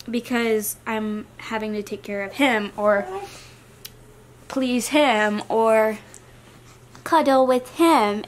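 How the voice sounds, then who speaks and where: A young adult woman vlogger talking casually to the camera in a chatty, rambling, soft-spoken way. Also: fairly high pitch.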